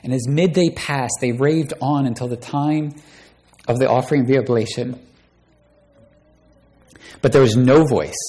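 A man's voice: medium pitch, measured pace, long pauses, mellow. A man preaching a sermon, reading scripture aloud and raising his voice dramatically on the quoted lines. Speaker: pastor.

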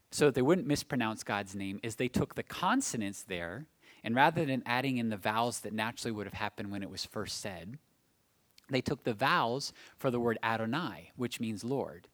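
A pastor preaching a Sunday sermon, explaining scripture and building to emphatic, rising phrases at key points. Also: medium pitch.

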